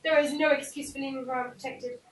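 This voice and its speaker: Stage role: woman voicing a commanding noble prince; high, distant, echoey. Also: steady tone, fast talker, a little hiss or hum, close to an everyday voice. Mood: stern. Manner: stern, commanding. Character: noble male prince, stern then grief-stricken. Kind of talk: live stage play. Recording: echoey hall from far off.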